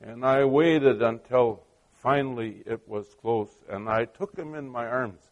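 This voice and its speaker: A man's voice: mid-range voice, measured pace, lo-fi sound. A middle-aged man preaching a sermon, telling stories in a conversational way with many asides and questions put to the listeners. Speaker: pastor.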